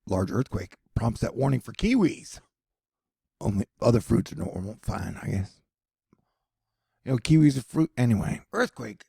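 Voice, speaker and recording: A man hosts a casual news vlog, reading tweets aloud between wry, jokey asides. His voice is husky with a gravelly edge. The room sounds dry and close, with no echo. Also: mid-range voice. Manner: excitable, rising to loud questions. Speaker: online news commentator. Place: home in Texas.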